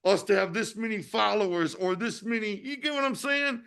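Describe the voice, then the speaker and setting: Speaking at normal speed in a high-pitched, expressive voice with vocal fry and a slightly bright, clear, resonant tone, a U.S. man in his fifties hosts a casual talk show. He's a podcast host and wrestling promoter who talks passionately, swears a lot and often asks "you know what I mean."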